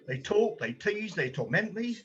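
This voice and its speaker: A man's voice: high-pitched, sing-song, normal speed, fairly bright tone, muffled recording. A man playing an anxious, kind-hearted volunteer gallery guide who hesitates and stumbles over his words, in an amateur stage drama.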